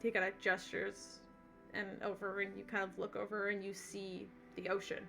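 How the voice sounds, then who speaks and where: Bright-voiced woman narrating a game. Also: mid-range voice, completely flat delivery, moderate pace, gravelly, faint music behind. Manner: casual, loose narration full of "like" and "kind of". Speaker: game master.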